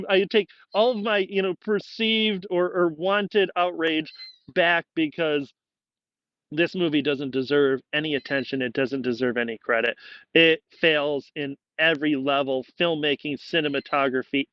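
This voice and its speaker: A high-pitched man rambles through a spoken movie review, exasperated and full of restarts. The recording is dry and slightly dull, with no room sound. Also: dry recording.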